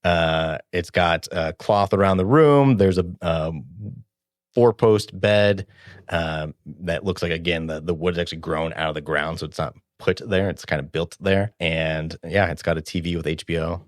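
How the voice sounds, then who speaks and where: A man's voice: low voice, normal speed, no echo, clean studio sound. A man narrating as game master in a loose, laughing, casual way.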